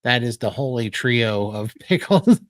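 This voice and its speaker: A man's voice: medium pitch, animated, a little slow, no room sound. A man co-hosting a casual livestream chat over a video call, talking loosely with frequent laughs and rambling asides. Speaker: co-host of a livestream show.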